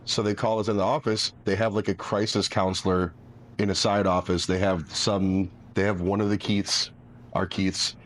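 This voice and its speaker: Man in his forties, very low voice, laid-back storytelling. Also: little pitch movement. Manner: drawn-out anecdotes with acted-out quotes. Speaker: podcast co-host. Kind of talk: casual storytelling chat.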